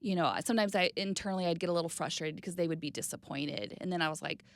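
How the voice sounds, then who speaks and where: A woman in her thirties speaking candidly and reflectively as an interview guest, sometimes dropping to a soft, quiet voice. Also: rapid-fire, no echo. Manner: reflective, plainspoken, drops to a soft low voice on hard news.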